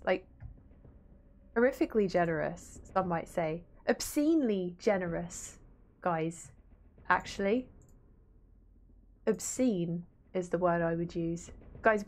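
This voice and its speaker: A woman with a Yorkshire accent streaming a video game, chatting casually with viewers and swearing freely. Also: medium pitch. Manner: chatty, reads chat aloud, swears casually. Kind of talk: casual gaming stream chat.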